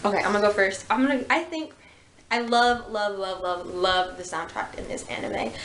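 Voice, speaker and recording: A young woman chatting casually in a room that echoes around her voice. She talks in an animated way and jumps into the characters' lines. A faint hiss runs under the recording. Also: medium pitch, moderate pace. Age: young adult. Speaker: channel host. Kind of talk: casual chat.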